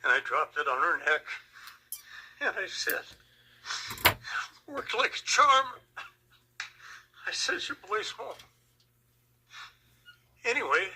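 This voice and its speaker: An older man and Vietnam veteran, telling a personal story slowly and with emotion. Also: sits high, bright, forceful tone, slight background noise, poor audio. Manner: slow, emotional, reflective.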